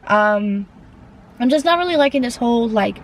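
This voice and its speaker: A woman's voice: on the high side, lively intonation, normal speed, a little hiss or hum, poor audio. A young woman talking casually in a book vlog, chatty and full of "like". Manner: chatty, fills talk with "like". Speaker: book vlogger. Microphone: camera propped up without tripod.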